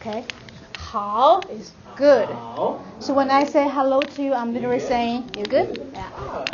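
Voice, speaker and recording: High-voiced woman teaching a class. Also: unhurried, crowd noise. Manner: patient, modeling words for repetition. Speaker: Chinese language teacher. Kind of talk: classroom language lesson. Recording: dull audio, noisy classroom.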